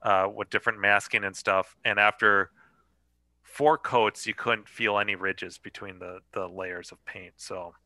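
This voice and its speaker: A man's voice: on the low side, steady tone, a little slow, pushed and bright, no room sound, low-quality recording. A man hosting a podcast in casual chat, rambling with lots of fillers and swearing. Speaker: podcast host.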